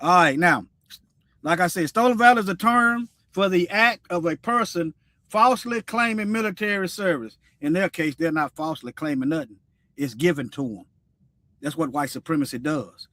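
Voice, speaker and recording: Animated high-voiced man preaching on a stream. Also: moderate pace, dry recording. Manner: preachy, repeats himself, animated. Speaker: livestream host. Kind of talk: casual commentary livestream.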